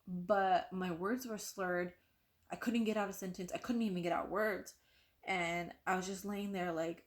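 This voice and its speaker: A young woman vlogger telling a personal story to the camera in an animated way, full of "like" and acted-out quotes of what others said. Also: on the low side, normal speed. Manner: animated, acts out quoted voices, frequent "like".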